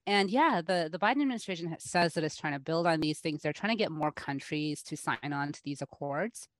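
Low-voiced woman losing her voice. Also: expressive, a little fast, no echo, clean studio sound. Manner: conversational, many fillers and restarts. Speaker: journalist guest. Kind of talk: radio interview answers.

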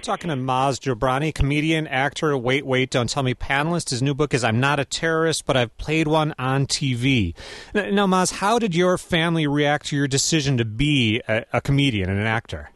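A man's voice: mid-range voice, brisk, a bit bright, no echo. A man hosting a radio interview, asking conversational questions and introducing his guest.

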